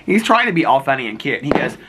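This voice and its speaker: Giggly chatty man, husky lively voice. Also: racing. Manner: chatty and giggly, acts out quoted lines in a higher voice. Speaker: vlogger. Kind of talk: casual storytelling vlog.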